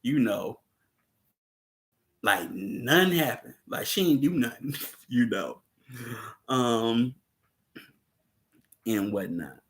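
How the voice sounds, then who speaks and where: A man's voice: medium pitch, lively intonation, slow pace, pauses often. A man hosting a casual livestream about a film, laid-back, laughing often and chatting with viewers. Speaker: host discussing a film.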